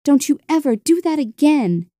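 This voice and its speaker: A woman's voice: high voice, sing-song, normal speed, dark tone, no room sound, clean studio sound, pitched above the performer's own voice. A woman voicing a caring mother who speaks in a tender, emotional way. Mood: pleading.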